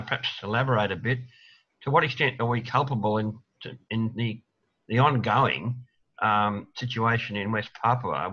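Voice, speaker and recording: A man puts a question to the speaker, his voice husky and a bit low. He hesitates and fills gaps with ums, and the sound is dull and lo-fi. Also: sharp tone. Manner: hesitant, many fillers. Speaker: audience member asking a question. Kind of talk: asking a question at a forum.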